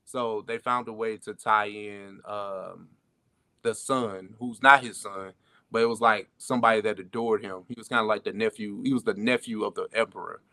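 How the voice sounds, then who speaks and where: A man's voice: on the low side, steady tone, normal speed, pushed and bright, dry recording, clean studio sound. A man co-hosting a podcast, riffing in a loose, chatty, profane way about movies and TV. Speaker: podcast co-host. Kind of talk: casual pop-culture chat.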